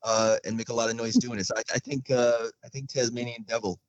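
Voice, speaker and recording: A man on a podcast who trips over his words, repeating the starts of sentences before landing crude, self-mocking jokes. His mid-pitched voice is recorded dry and close. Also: fairly even intonation, fast talker, no echo, lo-fi sound. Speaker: podcast co-host. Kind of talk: casual banter.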